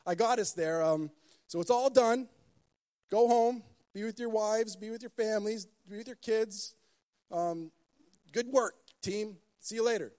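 A man's voice: high-pitched, measured pace, darkish tone, pitched above the performer's own voice. A man doing a breezy, chummy team leader. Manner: offhand, chummy, shrugging. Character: breezy casual man dismissing his team.

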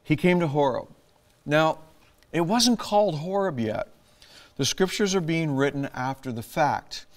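A middle-aged man preaching a sermon, animated, laughing often and acting out lines in a raised voice. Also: fairly high pitch, a little slow. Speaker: pastor.

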